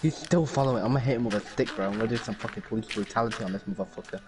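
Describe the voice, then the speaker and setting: Guy swearing and joking while he plays, lowish voice, music going in the back. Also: racing. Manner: crude, swearing, deadpan jokes. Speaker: gamer. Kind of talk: casual gaming banter.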